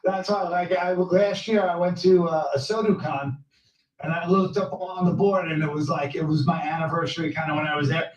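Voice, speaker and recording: A man's voice: on the high side, steady tone, brisk. An easygoing man on a video call while driving his car, rambling and hesitant in a casual chat. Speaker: guest. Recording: dull, roomy sound, distant from the mic.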